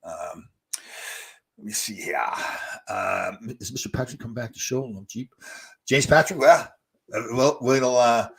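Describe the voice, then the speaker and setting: Husky-voiced older man chatting with viewers. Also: mid-range voice, a little slow, long pauses, fairly bright tone. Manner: chatty, storytelling, reads out viewer comments. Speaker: host. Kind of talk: casual live-stream chat answering viewer questions.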